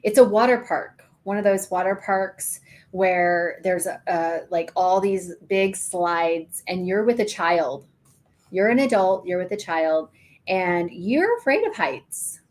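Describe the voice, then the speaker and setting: A woman's voice: fairly low pitch, lively intonation, slow pace, a little mellow. Middle-aged woman guiding an imagery exercise. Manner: storytelling, acts out voices in the story. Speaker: podcast co-host. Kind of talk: guided imagery exercise in casual chat.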